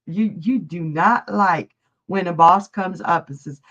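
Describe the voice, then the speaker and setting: A woman's voice: lowish voice, unhurried, fairly bright tone. A middle-aged woman giving psychic readings on a live stream, chatty and jokey, laughing often. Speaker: psychic reader. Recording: dull lo-fi stream audio.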